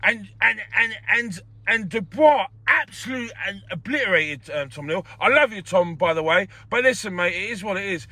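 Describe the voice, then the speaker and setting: A man's voice: high voice, moderate pace, few pauses, no room sound. A man hosting a casual boxing chat, blunt and repetitive, swearing freely. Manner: animated, blunt, swears freely, repeats himself. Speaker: host.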